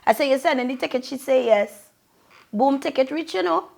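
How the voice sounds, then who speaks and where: A young Trinidadian woman giving effusive, sing-song shout-outs to her viewers in a casual vlog. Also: sits high, fairly quick, vocal fry. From Trinidad and Tobago. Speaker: vlogger.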